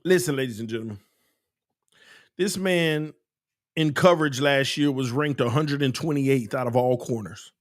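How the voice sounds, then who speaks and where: A man hosting a casual sports fan livestream, ranting and repeating himself with bursts of laughter and shouting. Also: medium pitch, moderate pace, long pauses, no echo, studio quality. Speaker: sports channel host.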